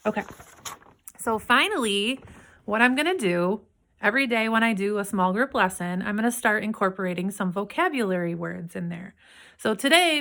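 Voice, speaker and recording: A woman teacher giving a remote phonics lesson to young children, patiently sounding out words slowly and praising answers. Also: on the high side, sharp tone. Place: home, downstairs room.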